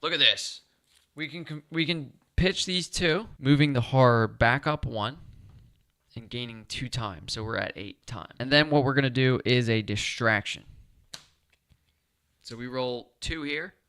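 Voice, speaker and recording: A man's voice: medium pitch, a little slow, a bit bright, clear, resonant tone, dry recording, studio quality. A man talking himself through a solo board game playthrough, chatty and upbeat as he explains each move.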